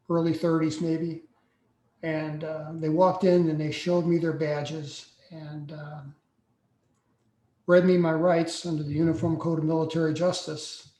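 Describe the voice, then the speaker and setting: A man in his sixties, a podcast guest telling a personal story slowly and deliberately, with frequent pauses. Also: fairly high pitch, dark tone. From United States. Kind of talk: personal account in a podcast interview. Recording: echoey room sound.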